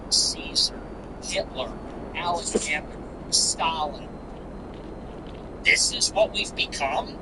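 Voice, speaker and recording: A man's voice: high voice, noisy background. A man hosting a commentary show, ranting contemptuously in repetitive, emphatic lists. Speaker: show host. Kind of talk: political commentary monologue.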